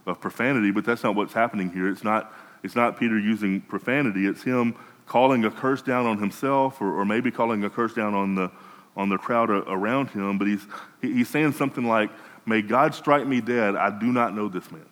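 A man's voice: fairly low pitch, fairly quick, long reverb tail, low-quality recording. A man preaching a sermon in a conversational way, often restarting and repeating words. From United States.

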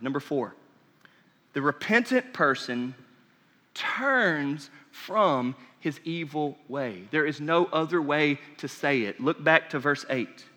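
A man preaching a sermon as pastor, passionate, swinging from near-shouts down to whispers. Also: fairly high pitch, lively intonation, measured pace. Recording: reverberant hall.

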